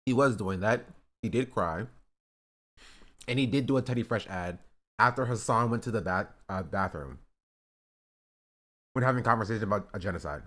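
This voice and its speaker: A man's voice: lowish voice, moderate pace, long pauses, a bit bright. A man streaming live, casually reacting to clips and chatting with his viewers, often repeating himself. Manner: chatty, repeats himself, reads chat aloud.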